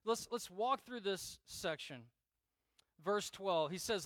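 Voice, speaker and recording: Middle-aged male pastor, sermon, high-pitched voice, dry close sound, earnest and repetitive. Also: lively intonation, takes it slowly, a bit bright, no echo. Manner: earnest, repeats key phrases, acts out prayers in dramatic quoted voices.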